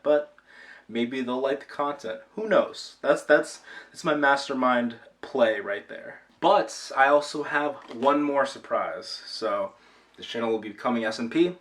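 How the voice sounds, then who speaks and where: Young male vlogger, middle pitch, loose self-deprecating ramble, recorded a little far from the mic. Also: a bit bright. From Rhode Island, USA. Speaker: YouTube channel owner. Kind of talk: casual vlog chat.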